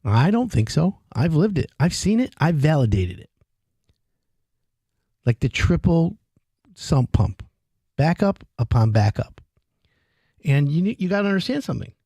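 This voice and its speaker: Animated roofing salesman, gravelly voice. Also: a little high, unhurried, long pauses, no echo, clean studio sound. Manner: animated, folksy salesman talk with acted-out dialogue. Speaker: roofing company owner. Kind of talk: direct-to-camera sales pitch.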